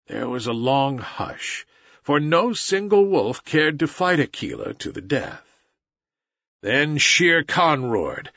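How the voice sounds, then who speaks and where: Slow, husky male storyteller. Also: mid-range voice, sing-song, pushed and bright, no echo, highs cut off. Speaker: audiobook narrator. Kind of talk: storybook narration.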